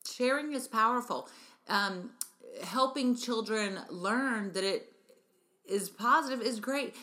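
A woman's voice: mid-range voice, bright, forceful tone. A middle-aged woman hosting a parenting talk show, speaking earnestly and emphatically to her listeners as an early-childhood educator. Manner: earnest, emphatic, addresses listeners as "you guys". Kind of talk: radio-style parenting talk monologue.

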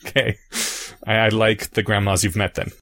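A man's voice: fairly low pitch, flat delivery, normal speed, fairly bright tone. A man co-hosting a podcast, patiently explaining ideas through everyday analogies in casual chat. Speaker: podcast co-host.

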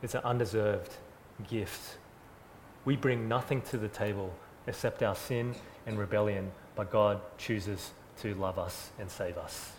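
A man preaching a sermon, earnest and emphatic, repeating phrases and swinging from loud to soft. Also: lowish voice, steady tone, unhurried, a little hiss or hum. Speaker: pastor.

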